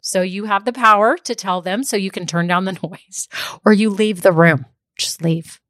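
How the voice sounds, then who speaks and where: A woman's voice: mid-range voice, normal speed, a bit bright, dry recording. Chatty woman with a lilt. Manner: chatty, laughs often, goes off on tangents. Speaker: podcast host and business coach. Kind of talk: casual solo podcast talk.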